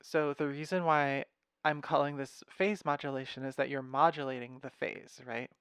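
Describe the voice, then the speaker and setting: A young man casually walking through his music software patch, thinking aloud with fillers and wry asides, recorded at his computer. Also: medium pitch, steady tone, normal speed, clear, resonant tone, dry recording, studio quality. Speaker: music software tutorial host. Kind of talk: casual screen-share walkthrough.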